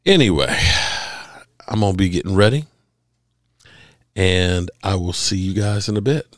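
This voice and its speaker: A man's voice: low voice, expressive, normal speed, no echo, clean studio sound. A man hosting a sports channel, talking through stats in casual commentary, emphatic and repetitive, with occasional cursing.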